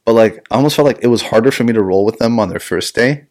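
Low-voiced guy rambling on a podcast, swears a bunch, laughs a lot. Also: quick pace, a little mellow. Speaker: podcast host and jiu-jitsu instructor. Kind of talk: casual podcast chat.

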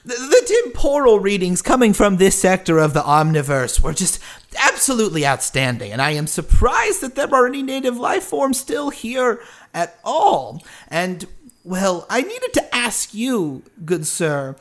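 A man's voice: high-pitched, sing-song, voice pushed up. A man voicing a pompous, genteel male interdimensional traveler who speaks in a florid, formal way. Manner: florid, formal, drawn-out speech.

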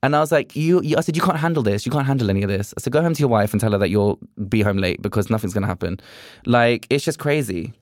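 Young guest, mid-pitched, animated raconteur voicing every line of dialogue, dry close sound. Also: male voice, fast talker, no room sound. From England. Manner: animated, acts out quoted dialogue. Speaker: podcast guest, drag performer. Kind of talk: casual storytelling chat.

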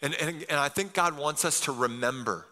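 A pastor preaching a sermon in an energetic, casual way, often asking the congregation "amen?". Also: male voice, on the high side, moderate pace, in a large hall.

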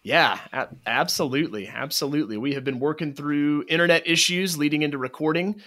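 A man hosts a ministry podcast. His voice is bright and forward, and he sets up each guest in a friendly, lightly joking way. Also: on the high side, brisk. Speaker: podcast host. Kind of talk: podcast interview.

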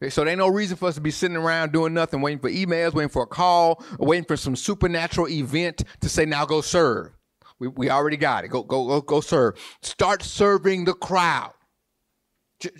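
A man's voice: fairly high pitch, normal speed, fairly bright tone. Man preaching with insistent repetition. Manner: preaching with repetition and call-and-response; folksy, informal church talk with "y'all". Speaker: pastor. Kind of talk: sermon.

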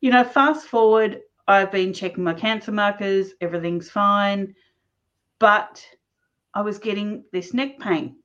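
A woman guest telling a personal story in a casual, animated way, often laughing mid-sentence. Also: mid-range voice, a little slow. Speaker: interview guest. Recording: dull lo-fi sound.

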